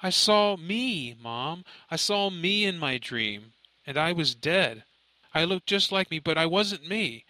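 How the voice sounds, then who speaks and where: A man's voice: a little high, animated, moderate pace, sharp tone, dry recording, pitched above the performer's own voice, poor audio. A man voicing a distraught, grieving young man who speaks in a shaky, pleading way, close to tears, in an audiobook. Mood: frightened. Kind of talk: audiobook character voice.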